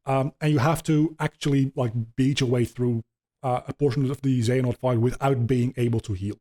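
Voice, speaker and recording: A man talks through video game lore in a loose, rambling way, full of ums and casual swearing. His voice is mellow and mid-pitched, and his manner stays relaxed. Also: a little fast. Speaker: podcast host.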